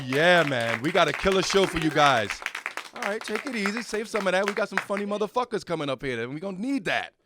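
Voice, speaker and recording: A man's voice: on the high side, a bit bright, a little hiss or hum. A man hosting a stand-up comedy show, hyping the crowd and introducing the first comic. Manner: hyped, calling on the crowd. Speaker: host. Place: comedy club stage.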